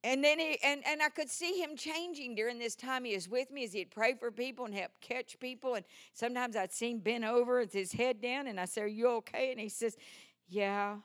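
An older woman preaching a sermon full of personal stories, swinging from hushed asides to loud, animated exclamations. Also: a little high, a little fast, hardly any pauses.

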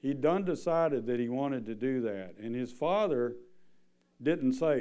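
A man delivers a sermon, moving from scripture reading to fervent preaching. His voice is smooth and resonant, sitting at a mid pitch. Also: expressive, measured pace, dark tone. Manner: reads scripture, then preaches with rising intensity.

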